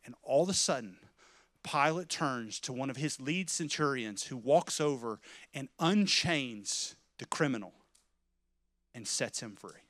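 A man preaching a sermon, telling a dramatic story in the second person, dropping to a hush and rising to loud shouts. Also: expressive, unhurried, no echo. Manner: vivid, swings from loud crowd shouts to hushed low narration. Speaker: pastor.

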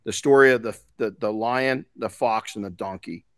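A man's voice: on the low side, normal speed, fairly bright tone, clean tone, no echo, clean studio sound. A man hosting a podcast in casual chat, frank and rambling, swearing casually. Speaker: podcast host.

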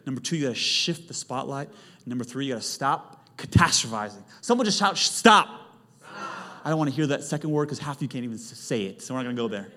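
Energetic pastor preaching in a reverberant hall. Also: male voice, medium pitch, fast talker. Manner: animated, building to loud emphatic peaks. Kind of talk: sermon. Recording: long hall reverb, faint music.

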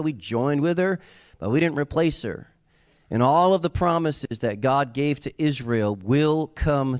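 Male pastor, casual and animated sermon delivery with slangy asides. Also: medium pitch.

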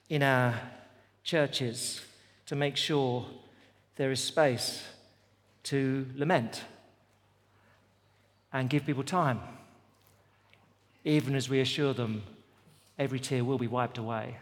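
A man's voice: mid-range voice, fairly even intonation, takes it slowly, pauses often. Preaching man in a reverberant hall. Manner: emphatic, repetitive preaching cadence. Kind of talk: sermon. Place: festival venue.

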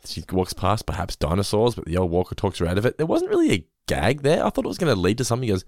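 A man's voice: fairly low pitch, wildly swooping pitch, racing, darkish tone, no room sound, clean studio sound. A man hosting a casual podcast, recapping an episode with chatty asides. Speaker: podcast host. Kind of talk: casual chat.

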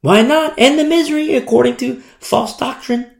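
A man's voice: very high voice, normal speed, gravelly. A man preaching a sermon, emphatic and fond of repeating phrases for effect. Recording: echoey room.

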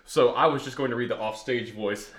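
A man from the US Deep South hosting a podcast, laughing, rambling and self-mocking as he introduces a play reading. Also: a little fast. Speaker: podcast host. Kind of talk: casual chat and play introduction. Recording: roomy echo.

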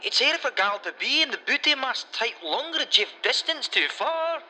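A man's voice: extremely high pitch, sing-song, moderate pace, sharp tone, slight background noise, low-quality recording. A man voicing a confused, stammering old man who is lost and groaning. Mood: bewildered.

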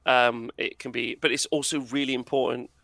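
Bright energetic guy guesting on a podcast, dry close mic, laughs a lot. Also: mid-range voice, normal speed, gravelly, no room sound. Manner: animated and emphatic, laughs often. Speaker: podcast guest, wargaming content creator. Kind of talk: casual podcast conversation.

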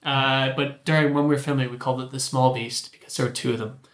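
Casting note: male guest, chatty storyteller, mid-pitched, slightly echoey room. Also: fast. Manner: animated, acts out quotes in his story. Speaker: creature performer guest. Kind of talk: casual storytelling chat. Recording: roomy echo.

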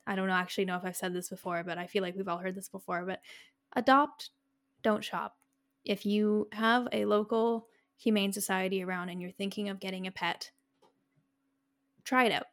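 A woman co-hosting a podcast in casual chat, relaxed and rambling with fillers. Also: mid-range voice, a little fast. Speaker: podcast co-host.

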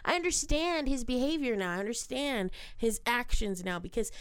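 A woman hosting a podcast, telling a story in casual chat, animated and profane, laughing often. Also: on the high side, normal speed, clear, resonant tone, no room sound, studio quality. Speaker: podcast host.

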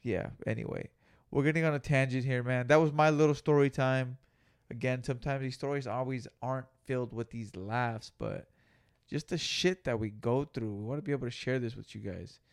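A man's voice: medium pitch, fairly even intonation, fairly quick, gravelly, smooth. A young man co-hosting a podcast, telling a story in a laid-back, slangy way with heavy swearing. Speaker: podcast co-host. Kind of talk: casual storytelling chat.

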